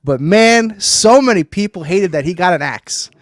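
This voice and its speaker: A man joking his way through a casual stream chat, his voice pitched high and swinging widely. The sound is dry and close. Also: normal speed, dry recording. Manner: animated, joking, mock quotes. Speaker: stream co-host.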